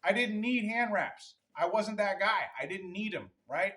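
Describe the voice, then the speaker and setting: High-voiced man in a roomy space. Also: lively intonation, a little slow, bright, forceful tone, recorded from a distance. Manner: loose, rambling, keeps asking "right?"; blunt, swears casually. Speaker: boxing and MMA instructor. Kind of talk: casual how-to demonstration. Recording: roomy sound from off the mic.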